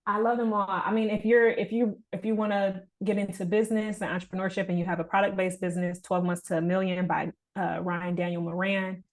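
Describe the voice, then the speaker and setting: A woman's voice: mid-range voice, little pitch movement, fairly quick, hardly any pauses. A young adult woman speaking as a podcast guest in casual conversation, earnest and reflective with a motivational push.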